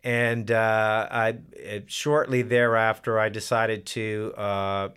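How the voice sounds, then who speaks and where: A man's voice: on the low side, level tone, slow, a bit bright, smooth. An older man and musician telling casual stories in an interview, rambling with many restarts. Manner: rambling, full of fillers and restarts. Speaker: musician guest. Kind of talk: casual storytelling.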